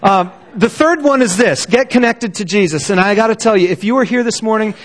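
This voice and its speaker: A man's voice: sits high, fairly quick. A middle-aged man preaching a sermon as pastor, speaking in an earnest, encouraging and conversational way.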